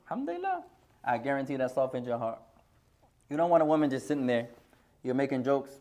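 A middle-aged man leads a classroom hadith lesson with a playful, teasing manner, his voice sitting at an ordinary pitch. He slips Arabic phrases into his English and keeps the students laughing. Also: fairly even intonation, fast, mellow. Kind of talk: joking classroom lecture.

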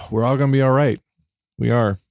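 A man hosting a podcast alone, talking in an earnest, heartfelt way, emotional and near tears, often restarting and laughing softly. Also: medium pitch, steady tone, moderate pace, vocal fry, dry recording, studio quality. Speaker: podcast host. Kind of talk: reflective solo podcast monologue.

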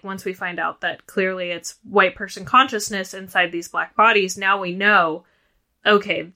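A woman co-hosting a podcast, chatting casually about a film, with lots of "like" and quick restarts. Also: mid-range voice, sharp tone. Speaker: podcast co-host.

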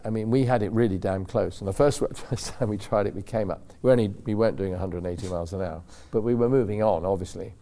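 Man, low-pitched, mellow, rambling anecdotes. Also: creaky. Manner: rambling, animated storytelling with acted-out quotes. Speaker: racing driver telling stories. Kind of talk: casual anecdote.

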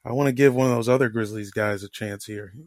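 A man co-hosting a casual podcast chat, animated and excitable, swearing casually. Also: on the low side, fast, no echo, studio quality. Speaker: podcast co-host.

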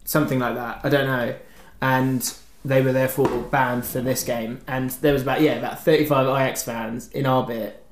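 A man's voice: medium pitch, moderate pace. A man co-hosting a podcast, telling a long rambling story in casual chat. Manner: rambling animated storytelling, acts out shouts. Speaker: podcast co-host. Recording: echoey room with faint noise.

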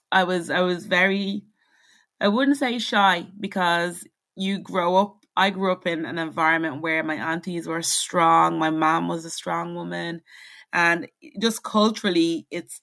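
A woman's voice: on the low side, fairly bright tone. A young woman, raised in the Caribbean, speaking candidly and reflectively as an interview guest. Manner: candid and reflective, many restarts. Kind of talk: conversational interview.

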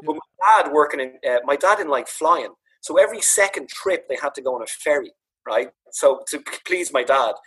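A man's voice: fairly high pitch, brisk, husky, low-quality recording. A man from Ireland with a Dublin accent, telling funny stories about his dad in a casual chat. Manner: animated, laughing, swearing. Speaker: podcast guest, author. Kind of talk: casual storytelling.

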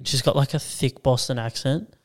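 A man's voice: medium pitch, normal speed. A young man with an Australian accent, co-hosting a casual podcast in a rambling, easygoing way. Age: young adult. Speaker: podcast co-host. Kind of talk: casual banter.

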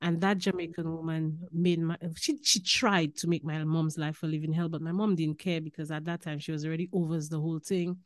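A woman with a Saint Lucian accent tells stories as a podcast guest, animated and quick to laugh. Her voice sits on the lower side, and it is recorded dry and close with no room sound. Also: no room sound. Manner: animated, laughing, lapses into Caribbean phrasing. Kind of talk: casual storytelling chat.

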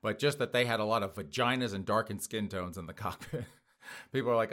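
A man's voice: lowish voice, fairly quick, a bit bright. A man hosting a casual news commentary show, talking to his listeners as folks in a mocking, sarcastic way and chuckling often.

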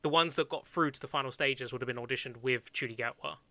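A man co-hosting a podcast in casual chat, quick and animated, laughing often. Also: medium pitch, no room sound. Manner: fast, laughing, animated storytelling. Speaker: podcast co-host.

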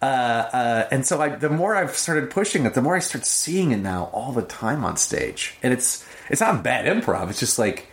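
A man's voice: normal speed, hardly any pauses. A man who teaches improv, talking casually in an interview and acting out quoted lines. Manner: animated storytelling, acts out quoted lines in a high voice.

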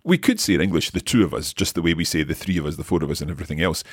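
Husky deep-voiced man teaching. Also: expressive, no echo, clean studio sound. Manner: explains slowly, repeats phrases. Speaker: language teacher co-host. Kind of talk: casual podcast lesson.

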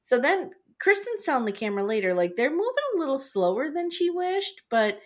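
A woman's voice: high voice, brisk. A woman co-hosting a podcast, chatting casually and retelling scenes with quoted lines and self-deprecating jokes. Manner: animated storytelling, quoting people in voices, self-deprecating jokes. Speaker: podcast co-host. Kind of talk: casual recap chat.

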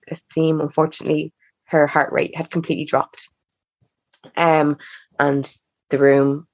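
A woman's voice: low-pitched, a little mellow, dry recording. A young woman telling a personal story as a podcast guest, chatty and acting out the dialogue she quotes. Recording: slightly dull, muffled recording.

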